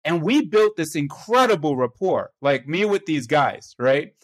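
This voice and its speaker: A man's voice: fairly high pitch, animated, measured pace. A man, a pastor, telling a personal story in a conversational, self-deprecating way, often checking in with his listener.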